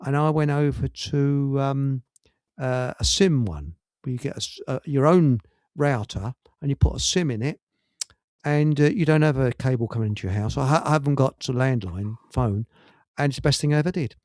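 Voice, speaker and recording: A man's voice: medium pitch, normal speed, darkish tone, no room sound, clean studio sound. A man hosting a live radio chat with a Hertfordshire accent, joking and rambling with many fillers and restarts. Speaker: radio show host.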